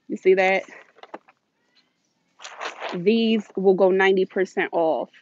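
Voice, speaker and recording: A woman's voice: mid-range voice, darkish tone. A woman vlogger chatting casually and a bit scattered while streaming live from inside a large store on her phone. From United States. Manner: chatty, scattered, laughs often. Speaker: shopping vlogger. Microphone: phone held while walking. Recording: dull, dry phone audio.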